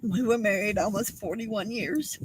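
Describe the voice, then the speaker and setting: Older woman, halting and tearful. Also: mid-range voice, a little hiss or hum, low-quality recording. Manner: tearful, halting, apologetic, with many fillers. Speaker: craft livestream host. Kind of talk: casual craft livestream chat.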